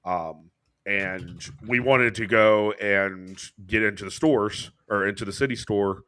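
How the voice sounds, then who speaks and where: Brief: American podcast co-host, mid pitch, casual and animated, curses freely, goes high when quoting people. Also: male voice, slow pace, clean tone. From United States. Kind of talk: casual storytelling chat.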